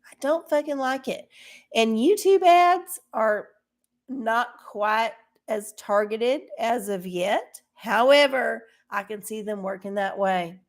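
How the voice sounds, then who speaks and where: A woman's voice: on the high side, slow pace. Ranting, profane woman livestream host. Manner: talks to viewers directly. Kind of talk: casual livestream chat.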